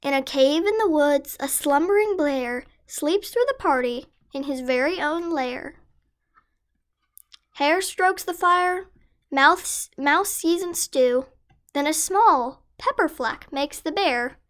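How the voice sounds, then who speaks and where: A woman's voice: sits high, slow, fairly bright tone. A woman reading a children's picture book aloud in a sing-song, rhyming delivery. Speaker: storyteller.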